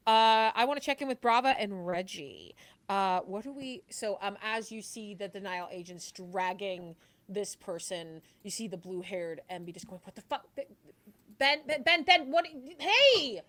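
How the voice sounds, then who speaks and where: A woman narrating as game master for a tabletop role-playing game, animated and quick to laugh, with lots of fillers. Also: mid-range voice.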